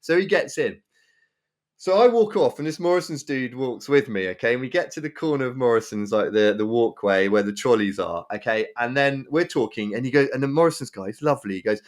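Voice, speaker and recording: A man telling a story in casual podcast chat, animated and prone to repeating himself. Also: medium pitch, fairly quick. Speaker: podcast co-host.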